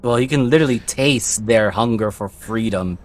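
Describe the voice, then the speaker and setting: A man with a lowish voice narrates as game master of a tabletop role-playing game. He sounds relaxed, sometimes slowing down to describe scenes in detail.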